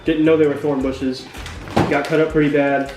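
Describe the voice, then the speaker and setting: A man telling a funny personal story, with jokey deadpan asides and acted-out sound effects. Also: a little high, normal speed. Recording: roomy echo from a distant mic with music behind.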